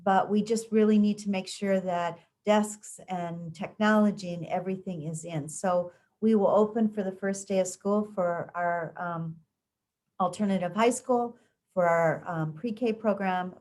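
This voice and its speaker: A woman talks through community education plans in a loose, conversational way, pausing often on ums and restarting her sentences. Her voice sits a bit low. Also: a little mellow. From United States. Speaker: school district education official. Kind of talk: community interview answers.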